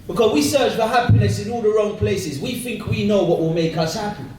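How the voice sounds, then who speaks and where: A man in his thirties from South London with a London accent, telling his life story in a lively, slangy way, recorded from a distance in an echoey hall. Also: high-pitched, brisk, soft background music. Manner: lively, slangy, acts out voices with laughter. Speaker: speaker sharing his conversion story. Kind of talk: animated personal storytelling talk.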